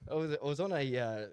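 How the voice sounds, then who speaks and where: A man's voice: on the high side, clean tone, no room sound. A man in his twenties with an Australian accent, speaking as a guest in a casual interview, rambling and laughing often as he tells stories. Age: 20s. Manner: laid-back, rambling, laughs often, repeats words. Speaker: guest, jockey and horse trainer.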